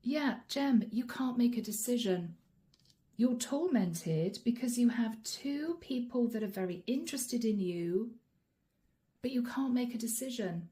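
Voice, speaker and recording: A chatty woman doing a tarot reading straight to camera, her voice a touch high yet mellow and warm. She laughs easily and slips into the worried inner voice of the listener she is reading for. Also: animated, measured pace. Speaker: tarot reader.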